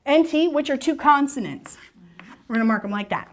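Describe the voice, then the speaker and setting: In a high-pitched, brisk voice, a woman leads a lesson on syllable rules and spelling. Her manner is upbeat and supportive, and she often asks a question only to supply the answer herself.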